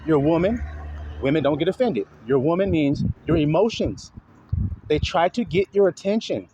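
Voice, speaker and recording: A man's voice: brisk, a little hiss or hum. A man preaching a sermon, calling out rhetorical questions to his listeners and acting out exaggerated voices. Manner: animated, swings pitch widely, acts out exaggerated voices.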